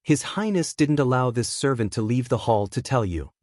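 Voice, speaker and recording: A man's voice: medium pitch, expressive, normal speed, a little mellow, no room sound, clean studio sound, close to an everyday voice. A man voicing a frightened young eunuch servant who speaks in a timid, trembling way. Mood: fearful.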